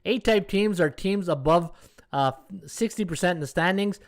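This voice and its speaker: A man in his fifties hosts a sports betting live stream with a fairly high voice for a man. He talks in a loose, chatty way and keeps checking in with his listeners. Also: normal speed. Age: 50s. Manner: chatty, tags lines with "right?". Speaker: sports betting podcast host. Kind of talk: casual live-stream commentary.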